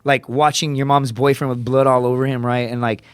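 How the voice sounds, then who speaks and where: A man's voice: level tone, clear, resonant tone, dry recording, clean studio sound. A man telling blunt, profane stories on a podcast, peppering them with "dude" and "right?" and acting out other people's voices. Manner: profane, rapid storytelling with frequent "dude" and "right?"; acts out quoted voices with raised pitch. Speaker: podcast guest, comedian. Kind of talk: casual podcast storytelling.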